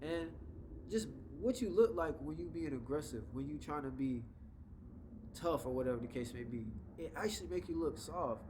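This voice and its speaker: A man's voice: on the high side, background noise. Laid-back man giving life advice. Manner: laid-back, conversational, acts out quick example voices. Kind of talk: casual advice monologue.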